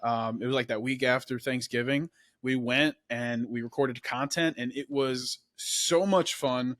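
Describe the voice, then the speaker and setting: A man's voice: medium pitch, steady tone, measured pace, a bit bright, no echo, studio quality. A young man hosting a podcast, telling his story in a casual, laid-back way, often saying "man" and "dude". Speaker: podcast host.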